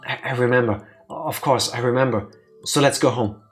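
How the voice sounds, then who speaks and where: A man's voice: mid-range voice, moderate pace, soft background music, lightly acted. A man voicing a grieving young male bird in a visual novel who is stubborn and set on revenge, speaking earnestly and insistently.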